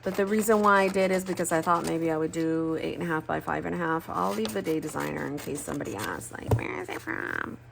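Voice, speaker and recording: A low-voiced woman talks through her crafting in a loose, rambling way and swears freely. Her voice has a gravelly rasp. Faint room noise hums behind her. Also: steady tone, fast, hardly any pauses. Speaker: planner crafting vlogger. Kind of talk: casual chat while crafting.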